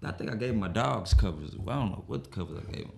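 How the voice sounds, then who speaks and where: Speaking quickly in a low, gravelly voice, a young podcast co-host spins a casual story full of profanity. He's animated and plays out the characters in it himself.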